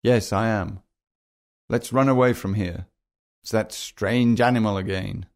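A man voicing a calm, wise mother giraffe in a gentle storybook reading. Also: fairly low pitch, unhurried. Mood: urgent.

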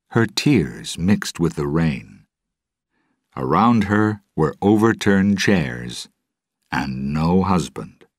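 A man reading a storybook aloud with a very deep, husky voice. His delivery is slow and measured, and his pitch moves a lot as he tells the story. The sound is dry and close to the mic. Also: no room sound.

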